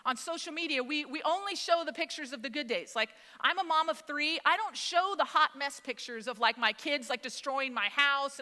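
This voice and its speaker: A woman in her thirties, a mother of three, preaching a sermon in a casual, conversational way, full of lively asides. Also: high voice. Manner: conversational, animated storytelling. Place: church sanctuary. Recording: long hall reverb.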